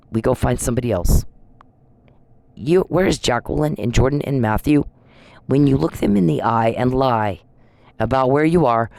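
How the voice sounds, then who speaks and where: A woman's voice: a bass voice, darkish tone, no echo. Woman, angry vlog rant, profane and accusing, close dry sound. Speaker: vlogger. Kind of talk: angry direct-address rant.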